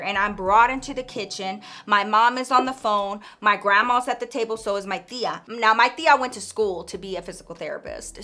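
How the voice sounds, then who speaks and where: A woman YouTuber telling a storytime vlog in an animated, emphatic, chatty way. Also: medium pitch.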